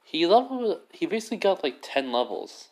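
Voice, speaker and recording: A man's voice: high voice, sing-song, fairly quick. Rambling man retelling a fan story. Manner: rambling, heavy fillers and restarts. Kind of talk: casual fan-story narration.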